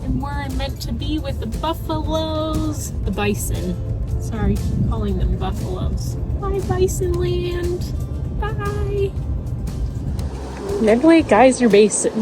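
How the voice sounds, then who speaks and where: Out in national parks and at a campground, a young woman narrates a playful, chatty travel vlog over background music. Her voice sits high and she takes her time.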